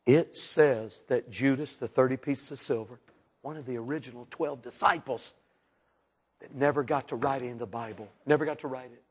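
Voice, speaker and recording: A man's voice: medium pitch, moderate pace, husky. Preacher man, muffled recording. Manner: swings between hushed asides and loud shouted peaks. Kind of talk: fiery sermon.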